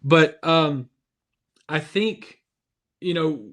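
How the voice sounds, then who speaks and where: Guy on a video call doing a youth devo, kinda high voice, jokey and rambly. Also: drawn-out words, fairly bright tone. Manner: chatty, joking and self-deprecating. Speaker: youth ministry devotional host. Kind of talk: casual devotional chat.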